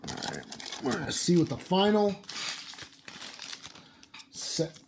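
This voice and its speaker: Against a noisy background, a man opens booster packs for a casual unboxing, yawning and muttering each card name offhandedly. His high-sitting voice is very animated yet slow, with a gravelly texture.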